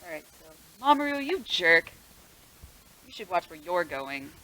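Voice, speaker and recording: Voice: medium pitch, sing-song, unhurried, bright, forceful tone, poor audio. A tabletop player voicing a cheerful, clumsy teenage schoolgirl who loves video games and talks in a bubbly, defensive way. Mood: huffy.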